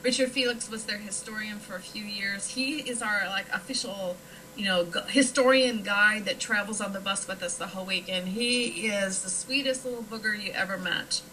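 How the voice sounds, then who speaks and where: A woman's voice: mid-range voice, moderate pace, sharp tone, slight background noise, rough recording. A woman from Nebraska chatting casually as a guest, with frequent fillers. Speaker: paranormal investigator guest. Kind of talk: casual chat.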